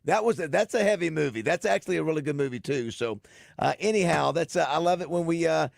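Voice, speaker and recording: A man hosting a casual radio show, halting and repeating words as he talks. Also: fairly high pitch, lively intonation, creaky, no room sound, studio quality. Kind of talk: casual sports radio banter. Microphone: studio microphone.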